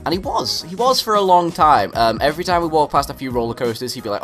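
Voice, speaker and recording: A young man with a British accent telling a comic story to camera, animated and exaggerated, swearing freely. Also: fairly high pitch, fast, faint music behind. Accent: British English. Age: young adult. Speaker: vlogger.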